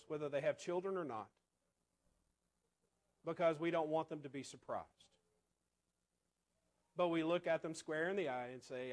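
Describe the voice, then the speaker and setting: Man, preacher, high voice, sermon, rhetorical questions, soft asides.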